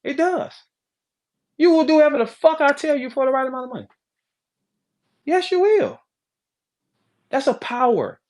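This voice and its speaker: A man hosting a podcast, ranting in a brash, profane, animated way, jumping between loud outbursts and low asides. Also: moderate pace, long pauses. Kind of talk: casual podcast rant.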